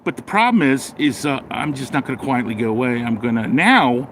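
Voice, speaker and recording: A man's voice: mid-range voice, animated, brisk, fairly bright tone, a little hiss or hum. A man ranting bluntly and sarcastically in a casual livestream, then rambling through viewer comments. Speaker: live streamer reading comments.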